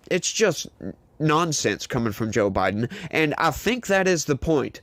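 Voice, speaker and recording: A man's voice: a little high, big pitch swings, a little slow, a bit bright, no echo. Blunt male commentary host, dry sound. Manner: blunt, dismissive. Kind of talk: political reaction commentary.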